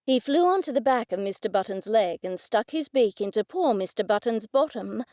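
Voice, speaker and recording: Lady reading an audiobook, clear and even, kinda high voice. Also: normal speed, slight background noise. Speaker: audiobook narrator. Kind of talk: scripted first-person narration.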